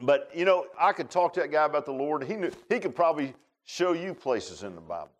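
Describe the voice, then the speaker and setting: A man's voice: on the high side, expressive, fairly quick. A man preaching a sermon in a folksy, conversational way. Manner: folksy, conversational preaching with rural Southern grammar.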